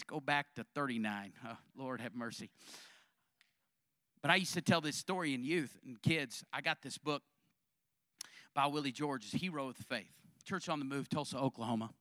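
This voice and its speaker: A male pastor preaches with animated fervor, telling stories and driving home his points. His voice sits high and sounds bright and forceful. The recording is close and dry. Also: no echo. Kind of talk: sermon.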